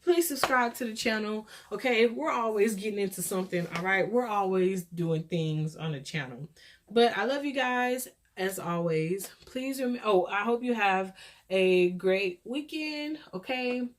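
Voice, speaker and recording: A woman's voice: medium pitch, a little slow, slight background noise. Rambling Texan woman giving a pep talk. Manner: encouraging, preachy pep talk; scattered, rambling. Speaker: podcast host. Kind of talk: rambling solo chat.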